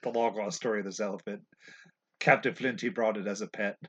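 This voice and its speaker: Man, podcast co-host, husky voice, casual chat, frequent laughter. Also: lowish voice, steady tone, a little fast, a bit bright, lo-fi sound.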